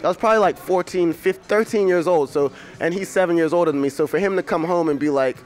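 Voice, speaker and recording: A man's voice: a little high, fast talker. Laid-back joking young rapper, man. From England. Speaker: rapper guest. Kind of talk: casual interview chat.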